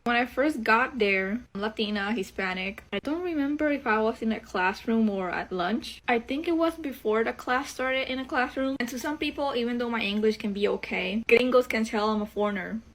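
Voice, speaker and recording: A woman from Puerto Rico, a native Spanish speaker, telling an anecdote in English with sarcastic, animated delivery. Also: a little high, moderate pace, few pauses, poor audio. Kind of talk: storytelling social media clip.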